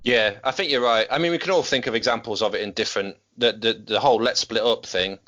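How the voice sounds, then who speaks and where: A man co-hosting a podcast, talking casually and in a measured way about a film. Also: medium pitch, fairly bright tone, dull audio. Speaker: podcast co-host.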